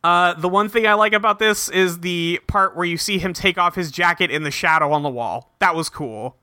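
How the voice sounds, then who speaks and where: Podcast host, male, bright and dry, animated recapper. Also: high-pitched, dry recording. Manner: animated storyteller who drops into quick voices for characters. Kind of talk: casual chat.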